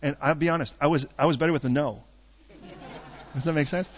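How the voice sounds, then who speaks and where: Middle-aged guy preaching, fairly high voice, jokey, loud then hushed, dull lo-fi sound. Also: fairly quick, some chatter behind, slight background noise. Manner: animated, jokey, swings between loud bursts and hushed asides. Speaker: pastor. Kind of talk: storytelling sermon.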